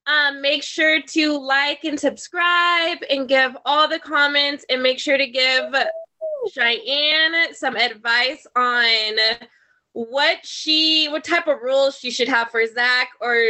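A woman's voice: high voice, steady tone, takes it slowly, sharp tone. A woman co-hosting a podcast, chatting casually and reading the show's sign-off. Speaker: podcast co-host.

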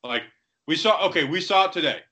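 A man's voice: fairly high pitch, animated, brisk, sharp tone. A man co-hosting a podcast in casual sports chat, rambling with lots of "like" and restarts. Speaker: podcast co-host.

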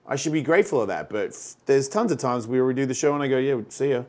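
A man's voice: mid-range voice, expressive, fast talker, darkish tone. A man in his fifties telling rambling stories in casual chat, a podcast co-host who acts out the voices in his stories. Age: 50s.

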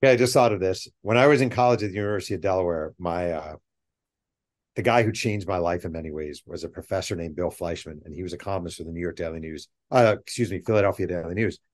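A middle-aged man, a guest author on a podcast, chatting casually and telling animated stories with rambling asides. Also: deep voice, fast talker. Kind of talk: casual interview chat.

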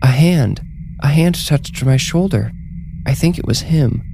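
A man's voice: on the low side, animated, normal speed, gravelly, noisy background, voice pushed up. A man doing an eager grieving young widow.

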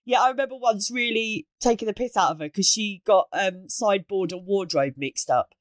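A woman, a comedian guest on a podcast, telling stories quickly and laughing often. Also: mid-range voice, dry recording, studio quality. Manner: quick laughing storyteller, swears freely. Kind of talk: comic banter.

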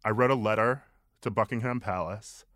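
A man's voice: on the low side, normal speed, fairly bright tone, no echo. A man co-hosting a podcast, calling in remotely and trading dry, teasing banter. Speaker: podcast co-host.

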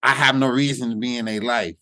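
A man's voice: mid-range voice, steady tone, fairly quick, bright, forceful tone, no echo. Middle-aged man telling stories loosely. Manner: loose storytelling with repeated words and slang. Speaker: guest comedian. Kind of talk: reflective interview talk.

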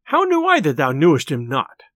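A man's voice: a little high, huge pitch swings, moderate pace, a bit bright, no room sound, clean studio sound. A man voicing a greedy, timid innkeeper who wheedles and then digs in his heels. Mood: stubborn, insistent. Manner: wheedling then stubborn, archaic speech.

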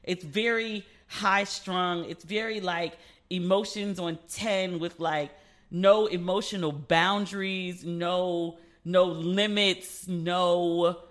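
A woman's voice: fairly low pitch, steady tone, slow pace. A woman hosting her own podcast as a relationship expert, chatting candidly, gossiping and swearing freely. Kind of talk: solo gossip podcast chat.

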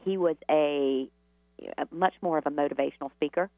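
A woman's voice: deep voice, normal speed, no room sound. Woman guest, rambling storyteller, tinny phone-line sound, dry. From Southern United States. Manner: rambling, with many fillers and restarts. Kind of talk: storytelling interview answers.

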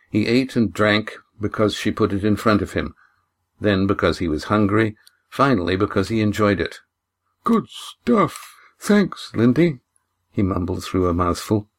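A man reading his own novel aloud as the audiobook narrator, in a measured, even storytelling manner. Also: on the low side.

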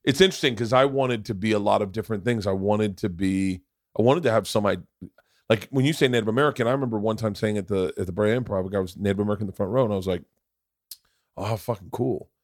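A man's voice: on the low side, very fast, no room sound, studio quality. A middle-aged man hosting a casual interview podcast, rambling with many restarts and cursing freely. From Florida. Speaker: podcast host.

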